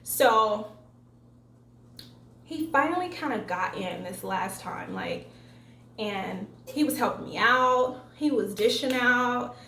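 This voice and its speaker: A woman's voice: a little high, slow pace, gravelly, slight background noise. A young woman telling a story on her vlog, casual and profane, acting out quotes along the way. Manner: profane, animated retelling with acted-out quotes. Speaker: vlogger. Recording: echoey room, faint ambience.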